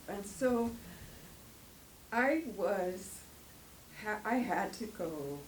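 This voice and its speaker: Slow-talking older woman in an echoey hall. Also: lowish voice, a little mellow. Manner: emotional, rambling, laughs often. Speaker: guest speaker. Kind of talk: personal testimony talk. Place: church hall. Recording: echoey room, faint noise.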